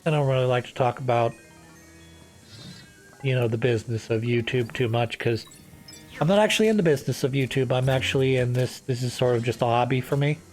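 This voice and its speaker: A man's voice: medium pitch, fairly quick, a little mellow, faint music behind. A man hosting a let's-play, chatting casually and drifting between topics as he plays, with lots of fillers and restarts. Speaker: gaming channel host. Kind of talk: rambling let's-play commentary.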